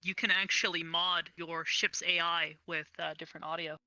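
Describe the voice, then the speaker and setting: Gravelly, bright young woman. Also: lowish voice, little pitch movement, moderate pace, no echo, highs cut off. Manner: earnest, enthusiastic. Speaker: guest. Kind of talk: casual chat.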